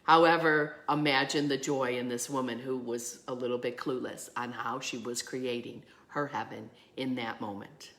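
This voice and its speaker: A woman's voice: very deep voice, fairly even intonation, moderate pace, few pauses. A woman minister giving a sermon, telling a story with animation and acting out the voices in it. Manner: drops to a soft hush at the close.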